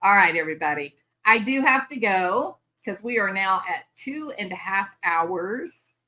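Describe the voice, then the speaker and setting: A woman's voice: medium pitch, animated, a little slow, bright, forceful tone. A chatty, bubbly older woman, hosting a casual live stream and laughing often. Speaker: livestream host.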